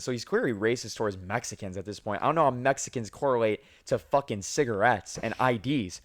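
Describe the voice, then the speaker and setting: A young man hosting a podcast, telling work stories in a casual, profane, animated way. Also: on the low side, a little fast, dry recording, studio quality. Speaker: podcast host.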